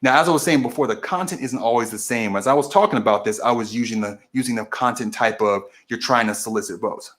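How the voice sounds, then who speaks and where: A man's voice: medium pitch, fast talker, hardly any pauses, a bit bright. A man hosting a political stream, casually walking through a process step by step, often restarting and correcting himself mid-sentence. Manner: explains methodically, with frequent restarts and self-corrections. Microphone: camera video recording.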